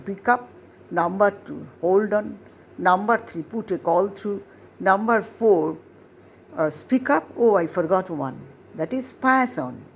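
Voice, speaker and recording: Woman teaching, lively pitch. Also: a little hiss or hum. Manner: explains slowly, repeats phrases, asks rhetorical questions. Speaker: English teacher. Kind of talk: classroom-style lesson explanation.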